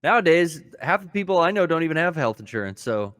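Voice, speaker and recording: A man's voice: a little high, sing-song, quick pace, fairly bright tone, no echo, studio quality. A man in a casual podcast chat, laid-back and wry. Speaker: podcast co-host.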